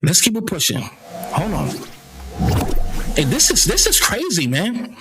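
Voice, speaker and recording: A man's voice: sits high, wildly swooping pitch, a little slow, background noise. A man from the United States hosting a casual commentary show, blunt and profane, often stammering and repeating himself. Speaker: commentary channel host.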